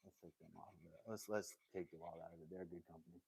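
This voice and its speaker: A man's voice: low voice, steady tone, quick pace, gravelly, darkish tone, breathy edge. A man hosting a casual live stream from his workshop, joking and rambling as he talks straight to his viewers, laughing often. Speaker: livestream host. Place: home woodworking workshop.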